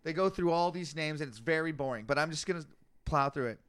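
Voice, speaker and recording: A man co-hosting a podcast reads scripture aloud in casual chat, growing exasperated at long lists of names and swearing as he goes. His voice sits on the high side, fast, smooth and a bit bright. The recording is dry.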